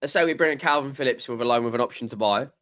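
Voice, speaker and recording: A man's voice: mid-range voice, very fast, fairly bright tone. A man co-hosting a football fan stream, chatting eagerly about transfer news in a casual way. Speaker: co-host. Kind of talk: casual live-stream chat.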